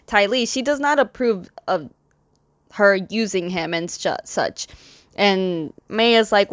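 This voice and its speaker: A woman talks through a plot recap in a loose, easygoing ramble, full of fillers and little asides. Her pitch sits in a middle range, and the sound is close and dry with no room around it. She flicks into brief playful character impressions as she goes. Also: animated, dry recording. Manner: quick lilting impressions of the characters' lines. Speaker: comic recap host.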